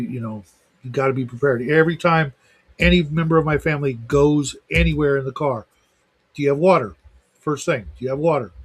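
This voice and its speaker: A middle-aged man hosting a livestream talk show in casual chat, rambling with lots of fillers. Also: a little high. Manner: rambling, heavy use of fillers.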